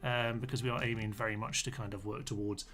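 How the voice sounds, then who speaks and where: A man's voice: lowish voice, little pitch movement, quick pace, fairly bright tone. A man commenting on a live-streamed strategy game, chatty and full of ums as he reads out and answers viewers' chat comments.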